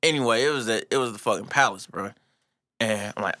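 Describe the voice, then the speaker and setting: A man chatting casually with a friend, his voice bright and forward. He talks in loose slang, drifting through stories and laughing easily. The sound is dry and close, with no room around it. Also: lowish voice, quick pace, no room sound. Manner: laid-back slangy storytelling, laughs often. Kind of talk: casual chat.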